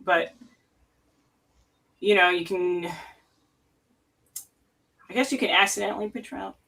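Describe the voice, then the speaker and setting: A participant in a casual online debate, hesitant and quick to laugh, over a call mic. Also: medium pitch, fairly even intonation, creaky, bright, forceful tone, distant mic, rough recording. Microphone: video call mic.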